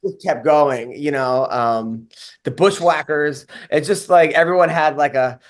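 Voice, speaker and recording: Male co-host, slightly high voice, relaxed storyteller, does little quote voices. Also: unhurried. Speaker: podcast co-host. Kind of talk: casual podcast banter.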